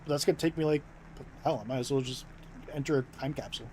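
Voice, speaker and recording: A man's voice: medium pitch, fast talker, a little mellow, a little hiss or hum, rough recording. A young American man streaming and chatting casually, rambling with many fillers and restarts. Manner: rambling, filler-heavy, self-interrupting.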